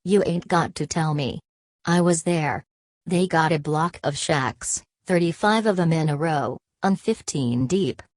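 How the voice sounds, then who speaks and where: Tubby, gruff migrant man read by a woman; blunt storyteller, low and dry. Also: a little mellow, dry recording.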